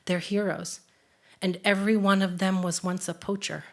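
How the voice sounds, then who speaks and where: A woman voicing a calm, wise male guide who speaks slowly and teaches gently, in a live told story. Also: medium pitch, natural voice. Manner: slow, measured, gently instructive.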